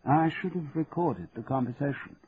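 A man voicing a brisk, assured gentleman. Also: on the high side, pitched above the performer's own voice, lightly acted. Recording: tinny narrow band, faint hiss.

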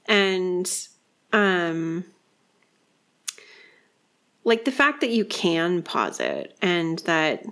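A woman's voice: lowish voice, big pitch swings, very slow, long pauses, a bit bright. A woman co-hosting a podcast, chatting casually and critically about a movie, peppering her talk with "like". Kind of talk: casual movie discussion chat.

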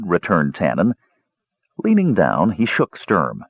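A man reading a fantasy audiobook aloud in an expressive storytelling manner. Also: deep voice, normal speed, no echo, muffled recording. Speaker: audiobook narrator. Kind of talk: audiobook narration.

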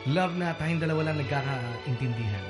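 Deadpan radio co-host, slightly high. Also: male voice, fairly quick, music in the background. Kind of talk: casual on-air banter. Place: radio studio.

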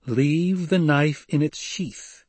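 Brief: hard young commander, calm and level, male audiobook narrator's husky tone, dry close sound. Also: fairly high pitch, takes it slowly, no echo, voice pushed up. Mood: commanding. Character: young man, hardened desert leader, cool and commanding.

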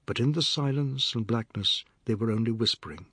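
Husky male audiobook narrator. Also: medium pitch, no echo, clean studio sound. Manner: measured, steady storytelling. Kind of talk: scripted narration.

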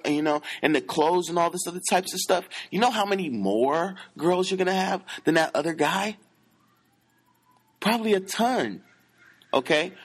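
A man's voice: on the high side, slightly rough. A man giving dating advice in a casual monologue, profane and emphatic, who keeps checking in with his listeners.

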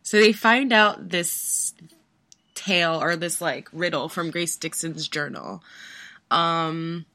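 Low, bright-toned woman recapping in casual chat. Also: dry recording. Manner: chatty, recaps with quick quoted asides.

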